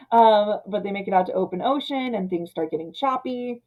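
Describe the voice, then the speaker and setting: A woman in her thirties casually ranting about an old film, retelling scenes and slipping into quick character voices. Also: mid-range voice, expressive, a little mellow, dull audio. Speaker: film commentator. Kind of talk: casual movie rant.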